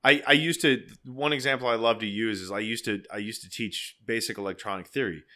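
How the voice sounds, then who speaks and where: A man's voice: fairly low pitch, steady tone, a little fast, pushed and bright. A man in casual chat who explains things by breaking them down, often restarting his sentences.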